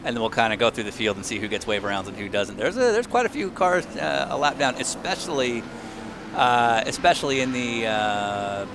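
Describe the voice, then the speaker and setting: A man hosting a live sim race broadcast, calmly talking through procedure. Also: mid-range voice, moderate pace. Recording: noisy stream audio.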